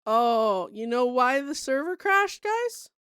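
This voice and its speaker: Young woman streamer from Canada, light high voice, loose laughing chatter with plenty of swearing, close dry mic. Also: sing-song, takes it slowly, a bit bright, clean tone, no echo. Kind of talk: casual chat to stream viewers.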